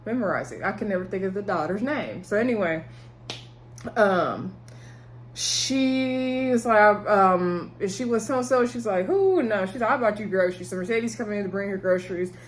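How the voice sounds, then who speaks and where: A woman recapping a TV episode for her viewers in a chatty, casual way, laughing often and breaking into high-pitched exclamations. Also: moderate pace, slight background noise. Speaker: TV episode reviewer. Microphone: talking to camera.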